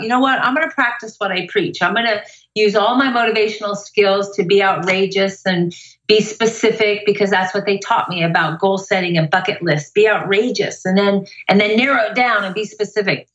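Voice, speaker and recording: A middle-aged woman with a bright, forceful voice tells a lively story as a motivational speaker. She sounds upbeat and energetic, and her voice carries through an echoey room. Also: mid-range voice, highs cut off. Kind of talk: casual interview storytelling.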